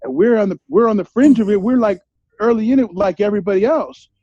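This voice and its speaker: As an interview guest, a middle-aged man tells candid stories in street slang, swearing plenty and repeating "you feel me?". His voice is high and fast, on a dry, lo-fi recording.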